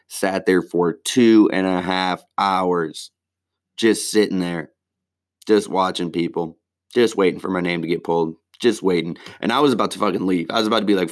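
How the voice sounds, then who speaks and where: A man with a deep, low voice talks casually and at length, rambling from one point to the next. He swears constantly and drops slang as he goes. He sounds like a comedian recapping his week for his regular audience. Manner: rambling, heavy swearing, laid-back slang. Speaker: stand-up comedian.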